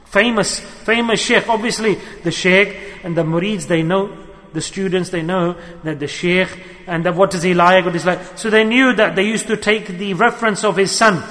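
Male Sufi teacher, high bright voice, earnest sermon, reverberant hall. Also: fairly even intonation, normal speed. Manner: earnest, repeats key phrases.

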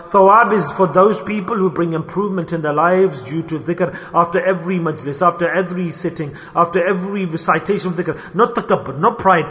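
A male preacher delivers an impassioned, pleading sermon, dropping Arabic and Urdu religious terms into his English. His voice sits high and rings bright and forceful. A long hall reverb trails behind every phrase. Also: brisk, hardly any pauses.

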